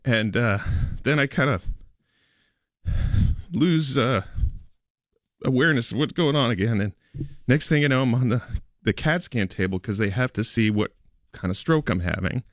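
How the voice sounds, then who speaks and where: A man on a radio show telling a personal story in a halting, hesitant way, laughing often between words. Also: mid-range voice, expressive, no room sound, studio quality. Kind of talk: emotional radio studio talk. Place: radio studio.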